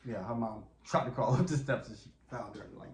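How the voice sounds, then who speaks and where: A woman's voice: extremely low pitch, a little fast, darkish tone, a little hiss or hum. A woman casually recapping a film, chiming in with short agreements. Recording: roomy echo.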